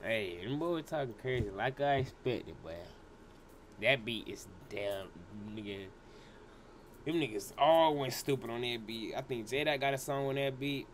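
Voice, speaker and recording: A man's voice: medium pitch, measured pace, a little hiss or hum. A man hosting a casual reaction video, slangy, laughing often and talking straight to his viewers. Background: hip hop track playing faintly.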